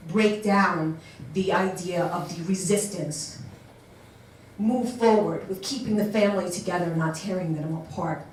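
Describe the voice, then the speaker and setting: A woman directing a family services program, giving an earnest, halting speech at a community event that builds to emphatic appeals. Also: on the low side, slight background noise. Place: large echoey event hall. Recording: echoey hall voice picked up from far off.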